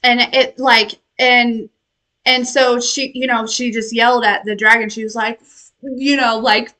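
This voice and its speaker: A woman with a high, bright voice talks slowly to her viewers, wandering off on tangents and laughing often. She sounds affectionate as she delivers a casual spiritual message as a tarot reader. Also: steady tone, rough recording. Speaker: tarot reader and intuitive healer.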